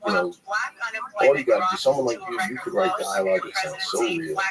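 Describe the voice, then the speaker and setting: Gravelly animated man over a loud crowd. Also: medium pitch, fairly quick, rough recording. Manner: profane, rambling, animated. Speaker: TV writer. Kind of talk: casual chat. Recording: loud crowd chatter behind.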